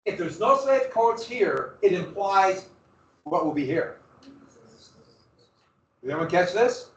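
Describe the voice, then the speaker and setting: A man teaching history to a class, his voice raised a little higher than most men's. He keeps quizzing the students and then supplies the answers himself. The recording catches him from across an echoey classroom. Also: expressive, slow, muffled recording. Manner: asks the class questions and answers them himself. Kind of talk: classroom lecture. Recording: roomy classroom recording from far off.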